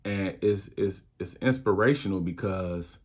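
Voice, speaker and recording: A man's voice: low voice, a little mellow. A man hosting his own podcast, talking reflectively in a casual style, with many restarts. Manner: slow, reflective, drawn-out phrasing with many restarts. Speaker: podcast host. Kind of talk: casual solo podcast talk.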